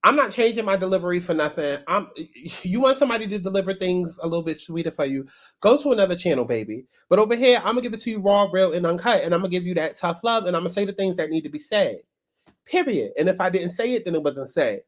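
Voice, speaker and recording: A woman's voice: on the low side, lively intonation, fast talker. A woman hosting a casual commentary vlog, talking bluntly and sassily and calling her viewers baby and child. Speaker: commentary YouTuber.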